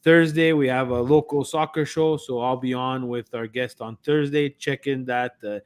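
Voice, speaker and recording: A man co-hosting a football podcast, talking in an animated, sarcastic, ranting way. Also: medium pitch, moderate pace, clean tone. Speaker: podcast co-host. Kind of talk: casual podcast chat.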